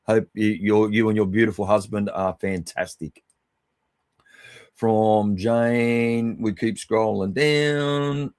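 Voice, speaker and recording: A middle-aged man with a fairly low voice runs through friendly, matey shout-outs on his livestream. He talks casually and affectionately and swears without a second thought. The sound is close and dry, with almost no room echo. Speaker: livestream host.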